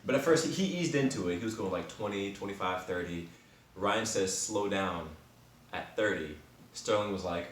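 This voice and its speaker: A man in his twenties tells a story as a podcast host, animated, slangy and quick to laugh. His voice sits a little low. The sound is roomy, caught from some distance off the mic. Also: a little hiss or hum. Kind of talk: casual storytelling.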